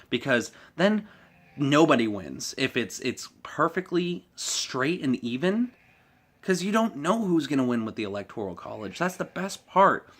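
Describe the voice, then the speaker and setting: A man's voice: medium pitch, a bit bright. A man vlogging a heated, profane political rant, swearing often and laughing at his own jokes.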